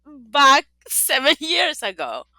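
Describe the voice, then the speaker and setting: A woman's voice: sits high, wildly swooping pitch, takes it slowly, bright, forceful tone, no echo. A middle-aged woman from the Dominican Republic with a Spanish accent, a native Spanish speaker, speaking earnestly and reflectively as an interview guest, laughing often. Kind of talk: interview conversation.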